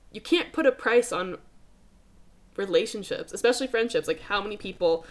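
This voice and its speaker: Young woman, podcast host, emphatic, swears freely, casual pep talk. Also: fairly high pitch. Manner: emphatic, swears casually, calls listeners dude.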